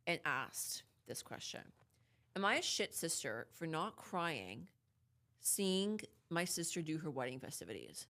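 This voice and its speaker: A woman's voice: low-pitched, a bit bright. A young woman co-hosting a podcast, chatting candidly and casually, with a few swear words, and holding her ground when interrupted. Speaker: podcast co-host. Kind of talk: casual chat.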